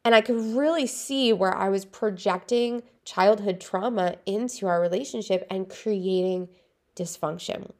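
A woman's voice: medium pitch, unhurried, darkish tone. Earnest woman hosting a healing podcast. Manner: earnest, confiding, many "like" and "right?" fillers. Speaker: podcast host. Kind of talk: reflective solo podcast talk.

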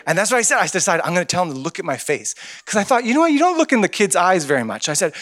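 Male church speaker, slightly high voice, lively and funny storyteller. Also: racing, hardly any pauses. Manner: animated, humorous storytelling. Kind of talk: storytelling sermon.

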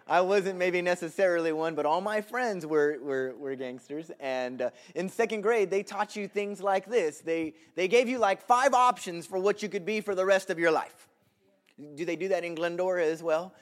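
A man preaching a sermon full of storytelling, swinging between shouts and hushed asides. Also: high-pitched, normal speed. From Southern California.

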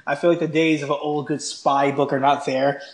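A man's voice: on the high side, level tone, a little fast, roomy sound. A man co-hosting a podcast, talking casually and enthusiastically in long run-on thoughts. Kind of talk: casual chat.

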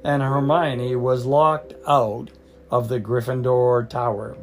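Slow, patient man reading a story aloud. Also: medium pitch, flat delivery, soft background music. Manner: patient, explaining, light laughs. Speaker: storyteller and English teacher. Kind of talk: read-aloud with word explanations.

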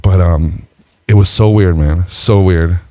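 A man telling a story in casual chat, animated, jumping up in pitch when he acts out what people said, swearing and laughing along the way. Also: a little slow, no echo, studio quality. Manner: animated storyteller, jumps high when acting out quotes, laughs often; swears freely, says "bro" and "dude". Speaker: podcast co-host telling a story.

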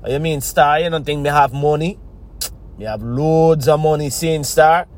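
A man voicing a laid-back male Jamaican buddy with a slow patois drawl, recorded inside a car. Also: on the high side, steady tone, pitched below the performer's own voice, natural voice. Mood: boastful.

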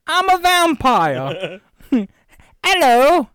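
A man's voice: wildly swooping pitch, drawn-out words, a bit bright, dry recording, clean studio sound, full character voice. A man putting on a mocking, exaggerated British accent to play a posh, precious English actor. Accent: put-on British. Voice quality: high, sing-song and exaggerated.

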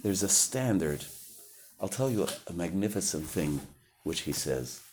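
A man's voice: deep voice, animated, moderate pace, a little mellow, slight background noise. A man giving a conversational Torah lecture, sometimes searching for words and rising sharply when he acts out quotes. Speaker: rabbi teaching Torah.

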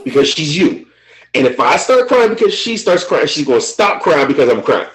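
A man's voice: fairly high pitch, sing-song, moderate pace, fairly bright tone, poor audio. Man talking candidly about grief. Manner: emotional, candid, swears freely. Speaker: podcast co-host. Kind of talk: casual chat.

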